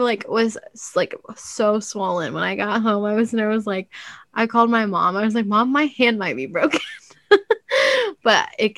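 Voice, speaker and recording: A young woman telling a story in loose, casual chat, swearing freely and laughing through it. She is animated as she talks, and her voice sounds close and dry with little room around it. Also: mid-range voice, no echo.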